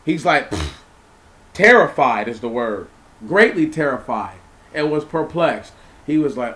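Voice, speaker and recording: Animated man reading and explaining scripture. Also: on the high side, a little slow. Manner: animated, repeats words, asks listeners questions. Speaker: Bible teacher. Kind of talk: informal Bible reading and commentary.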